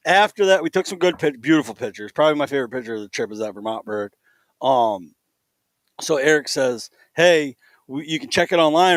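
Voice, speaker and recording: A man's voice: medium pitch, no room sound. A man co-hosting a podcast, telling a story in casual chat and acting out the quoted voices. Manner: animated, acts out quoted voices. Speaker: podcast co-host.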